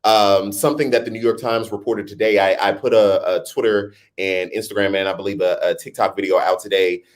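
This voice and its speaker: A man's voice: lowish voice, fairly even intonation, fairly quick. A man hosting a casual live-stream chat, talking straight to his viewers, now and then slipping into a playful newscaster voice. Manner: chatty, talks straight to viewers, laughs at himself; jokingly puts on a newscaster voice. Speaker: host.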